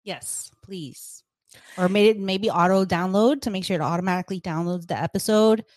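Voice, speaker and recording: A woman's voice: mid-range voice, moderate pace, a little mellow, no echo. A woman co-hosting a podcast, talking casually and easygoing, often laughing. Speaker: podcast co-host. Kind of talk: casual chat.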